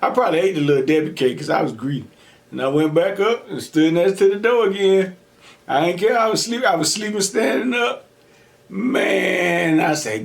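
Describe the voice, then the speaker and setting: Animated storyteller man, slightly high voice. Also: a little fast, creaky. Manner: animated, laughs often, acts out quotes. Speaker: mukbang host. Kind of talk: casual storytelling while eating.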